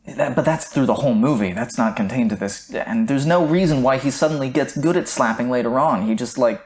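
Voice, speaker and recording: A woman's voice: a bass voice, a little fast, a little mellow. Blunt, argumentative woman podcaster. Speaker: podcast co-host. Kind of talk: casual film-critique chat.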